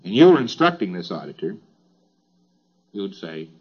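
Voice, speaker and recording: A man's voice: low voice, very animated, normal speed, a little mellow, husky, dull audio. A man giving an informal lecture in a wry, chatty way, with emphatic asides.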